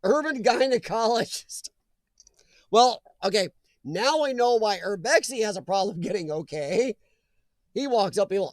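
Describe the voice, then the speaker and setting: A man's voice: high voice, lively intonation, a little slow, no room sound. A man hosting a live chat stream, chatting casually and jokingly with viewers and reading their comments aloud, laughing often.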